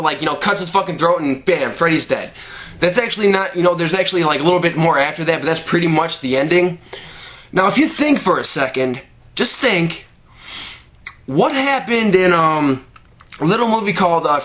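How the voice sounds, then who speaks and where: On lo-fi sound, a man with a fairly high voice rants to camera about a movie. His talk is thick with profanity and "you know" fillers, and he often breaks off to start sentences over.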